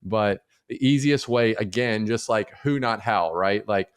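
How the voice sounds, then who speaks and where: A middle-aged man talking as a guest in a casual interview, relaxed and rambling with many fillers and asides. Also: on the low side, normal speed, clear, resonant tone. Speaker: guest, real estate investor.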